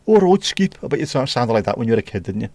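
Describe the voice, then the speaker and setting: A man's voice: on the low side, racing, husky, dry recording. A man with a Scouse accent hosting a casual livestream, chatting with viewers and bantering as he reads the chat. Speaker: livestream host.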